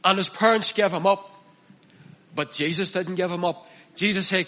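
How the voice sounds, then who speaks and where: A man's voice: sits high, steady tone, normal speed, bright, forceful tone. A man preaching a sermon in an earnest manner, repeating and stressing his key phrases. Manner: earnest, repetitive emphatic preaching.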